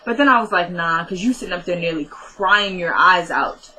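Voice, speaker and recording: Bright-voiced woman recapping a TV episode. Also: fairly low pitch, expressive, normal speed, low-quality recording. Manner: chatty, retells scenes by quoting characters. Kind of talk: casual recap monologue.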